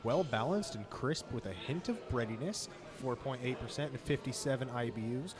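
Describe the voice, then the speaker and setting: A man's voice: mid-range voice, animated, moderate pace, over music. A man hosting a beer tasting show, reading beer descriptions and chatting with enthusiasm. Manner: enthusiastic, reads descriptions smoothly. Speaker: podcast host.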